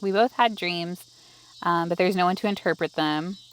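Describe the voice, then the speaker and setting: A woman's voice: on the low side, normal speed, slight background noise. Pregnant young woman reading scripture in car. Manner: reads scripture aloud, chatty agreement. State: pregnant and overheated. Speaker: ministry co-host. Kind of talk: casual Bible teaching on a road trip. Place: inside a parked car.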